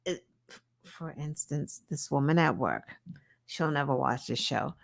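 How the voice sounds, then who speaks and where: A woman co-hosting a podcast, telling stories in a lively, animated way with swearing. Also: sits low, measured pace, vocal fry. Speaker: podcast co-host. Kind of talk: casual chat.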